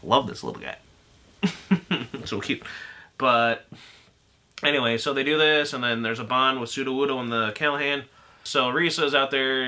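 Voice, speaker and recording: A man's voice: medium pitch, sharp tone. A man giving a casual, rambling spoken film review, laughing often and acting out lines from the movie. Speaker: anime reviewer.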